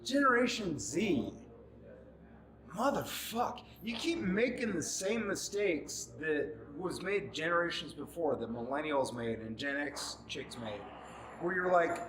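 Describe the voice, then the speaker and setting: A man in his forties ranting at the camera, angry and mocking, often shouting. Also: a little high, lively intonation, measured pace, roomy sound, a crowd in the background, rough recording. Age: 40s.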